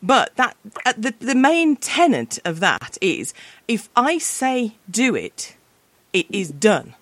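A woman's voice: fairly high pitch, sing-song, slow pace, no room sound. A woman from the United Kingdom interviewing a guest, chatty and self-deprecating, putting on voices in her stories. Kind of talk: conversational interview.

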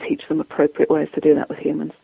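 A woman's voice: deep voice, monotone, fast, vocal fry, slightly rough, no echo. A woman dog trainer giving advice in an interview, chatty and explanatory, acting out what owners and dogs say. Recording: tinny dry phone line.

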